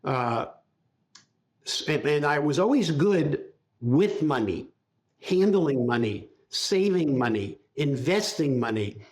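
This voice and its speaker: An older man as a podcast guest, recalling his life in a reflective, halting storytelling way. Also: a little high, expressive. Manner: reflective, speaks in halting restarts while recalling. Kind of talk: casual interview storytelling.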